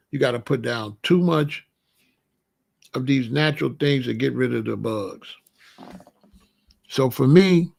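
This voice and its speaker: A middle-aged man talking casually and giving life advice, animated and conversational, with frequent restarts. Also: medium pitch, vocal fry. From Chicago area. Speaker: vegan lifestyle host.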